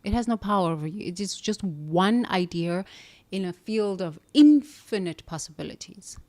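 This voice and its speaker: A woman's voice: mid-range voice, animated, moderate pace, warm tone. A woman giving an earnest, reflective motivational monologue, coaching the listener and answering her own questions. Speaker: self-help speaker.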